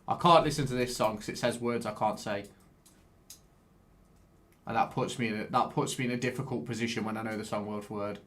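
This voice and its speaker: Excitable lad streaming a game. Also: male voice, fairly low pitch, fairly quick, long pauses. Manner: excitable, swears, chats with viewers. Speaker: live streamer. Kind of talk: casual live-stream commentary while gaming.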